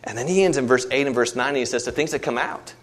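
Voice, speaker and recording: A man preaching a sermon, rising to emphatic peaks and dropping low, acting out everyday voices in asides. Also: fast talker.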